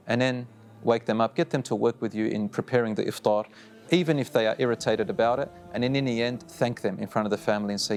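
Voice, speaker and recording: A man's voice: fairly low pitch, fast talker, darkish tone. A middle-aged man preaching, earnest and direct, repeating short firm phrases as he gives advice to parents. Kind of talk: recorded religious reminder.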